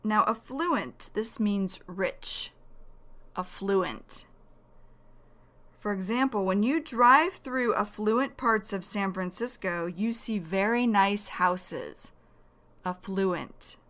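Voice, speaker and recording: A woman from the United States teaching English vocabulary, speaking deliberately and repeating key words for learners. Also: mid-range voice, a bit bright. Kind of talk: slow explanatory vocabulary lesson.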